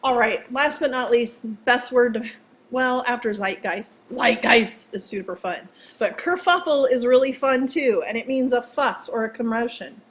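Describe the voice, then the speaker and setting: A woman's voice: on the high side, normal speed, slight background noise. A woman teaching a vocabulary lesson to students in a playful, chatty way, joking as she goes. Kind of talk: casual classroom vocabulary lesson.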